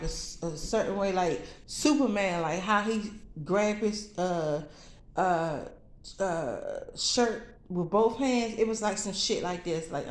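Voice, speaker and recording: A woman's voice: mid-range voice, a little mellow, roomy sound. A woman vlogging, telling her viewers a story in an emphatic, profane, fired-up way. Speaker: vlogger telling a spiritual vision.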